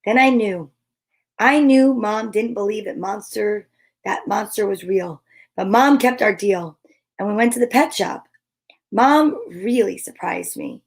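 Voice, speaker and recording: A woman's voice: medium pitch, a little slow, slightly rough. A woman hosting storytime, reading a children's book aloud expressively. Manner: expressive, animated. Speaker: storytime host.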